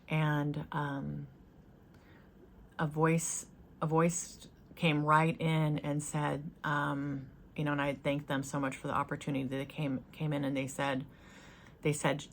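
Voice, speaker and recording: Low-voiced woman recounting a vision. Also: completely flat delivery, a little slow, slight background noise. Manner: earnest, hesitant, many fillers and restarts. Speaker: spiritual channel host. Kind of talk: personal spiritual storytelling. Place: yurt, seated on couch.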